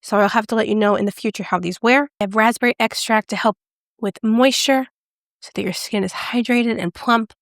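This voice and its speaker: A bubbly, excitable woman chatting through a makeup review and demo, gushing over each shade. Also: fairly high pitch, a little fast, no echo, clean studio sound. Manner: drops to a whisper when excited. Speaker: beauty vlogger. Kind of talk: casual product review and demo.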